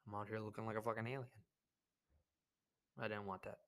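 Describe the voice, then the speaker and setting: A man's voice: lowish voice, little pitch movement, fairly quick, fairly bright tone. A young man hosting a podcast, telling a rambling, profane story in a laid-back, casual monologue. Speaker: podcast host.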